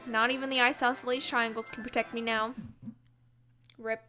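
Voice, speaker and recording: A woman's voice: fairly high pitch, flat delivery, normal speed, sharp tone, soft background music. A woman streamer reading game narration aloud and making self-mocking, giggly asides. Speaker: let's play streamer.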